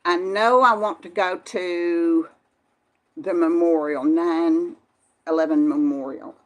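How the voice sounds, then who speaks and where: A woman's voice: on the low side, steady tone, takes it slowly. An older woman, chatting casually on a live stream and answering viewers by name in a folksy way. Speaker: vlog host reading live chat.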